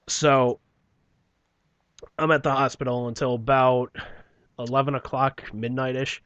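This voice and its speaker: A man's voice: medium pitch, fairly even intonation, normal speed, long pauses, no room sound. Man, casual podcast storyteller, rambling and profane, dry close mic. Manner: profane, rambling, often clears his throat, trails off quietly. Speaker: podcast guest telling his story.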